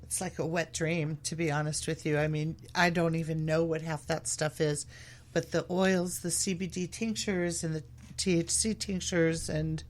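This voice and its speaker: A woman's voice: sits low, fairly even intonation, normal speed. A woman guest on a talk show, speaking casually and hesitantly with many ums and uhs. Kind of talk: casual chat.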